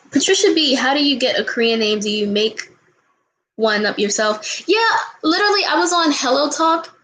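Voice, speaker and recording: Young woman vlogger, somewhat high voice, bubbly and giggly, casually answering viewer questions. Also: fairly bright tone, slight background noise, rough recording. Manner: bubbly, giggly, gushing, sings snatches of songs. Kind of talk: casual chat.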